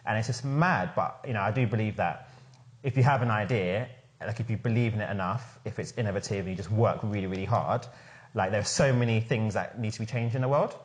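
A man's voice: lowish voice, brisk. A man hosting a casual podcast discussion, talking enthusiastically in a chatty way with lots of "like". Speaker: podcast host and founder.

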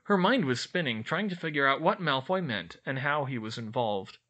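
Audiobook: male narrator, animated, bright tone, expressive read. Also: mid-range voice, normal speed.

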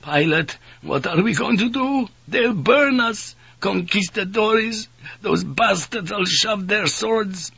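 A man's voice: mid-range voice, animated, brisk, few pauses, fairly bright tone, husky, no echo, pitched above the performer's own voice, exaggerated voice. A man voicing a terrified sailor who pleads in a trembling voice. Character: terrified male sailor, near hysterical.

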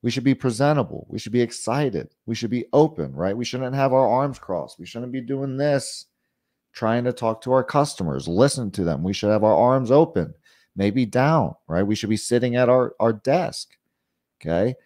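A man's voice: medium pitch, normal speed, no echo, studio quality. A man giving a casual sales training talk, often asking "right?" and acting out questions to customers. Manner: conversational, frequent "you know" and "right?" asides; acts out pushy and calm sales questions.

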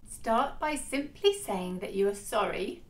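A woman giving a scripted educational narration, speaking clearly, instructively and a little wryly. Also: a little high, very animated, measured pace.

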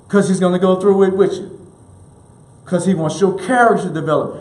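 A minister delivers a sermon in a high, bright voice, speaking a little fast and hammering his points home by repeating key lines and leading the congregation in call-and-response. His emphatic preaching rings out with a clear echo in a roomy space.

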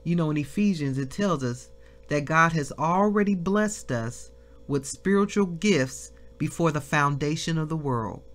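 Slow, lively-voiced woman preaching. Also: low-pitched, soft background music. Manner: reads scripture slowly, breaks into shouts of praise. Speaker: minister. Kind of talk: devotional Bible teaching.

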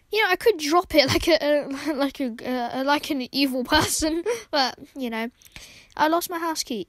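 Very high-voiced woman gaming. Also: fairly bright tone, dry recording. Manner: exasperated, giggly, talks to game characters. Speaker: gaming channel host. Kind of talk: casual game commentary. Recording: game music behind voice.

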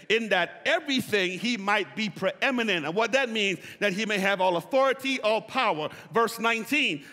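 Guy preaching in a big echoey church, bright voice, bounces all over, keeps getting them to say it back. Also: extremely high pitch. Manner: call-and-response preaching, drawing out key words. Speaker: pastor. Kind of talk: sermon. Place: church sanctuary. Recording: reverberant church hall. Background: long hall reverb.

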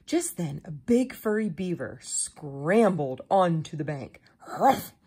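A woman narrating children's picture books in a gentle, expressive storytelling voice. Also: sits low, slow pace, breathy edge. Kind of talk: children's story read-aloud.

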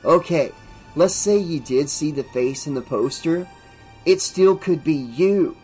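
A man's voice: unhurried, darkish tone, faint music behind, lightly acted. A man doing an eerie, darkly amused guy. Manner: darkly amused, drifting into sinister low tones. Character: eerie amused young man, sinister and playful.

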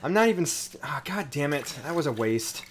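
A man's voice: a little high, lively intonation, a little fast, slight background noise. Swearing, exasperated male game streamer. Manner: profane, irritated, exasperated. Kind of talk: live gameplay commentary.

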